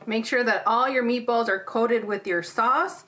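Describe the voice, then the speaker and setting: Her voice fairly high, bright, and forceful, a woman takes her time explaining a recipe step by step on a home cooking show. She's playful and chatty, laughs a lot, and records in her own kitchen.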